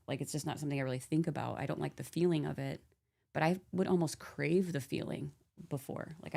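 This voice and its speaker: A woman's voice: sits low, creaky, darkish tone. A woman in a casual podcast chat, rambling and thinking aloud, filling her talk with "like".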